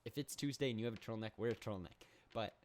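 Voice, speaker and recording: Rambling young man, mock-serious, low voice. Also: racing. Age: young adult. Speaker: podcast host. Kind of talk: comedic solo monologue.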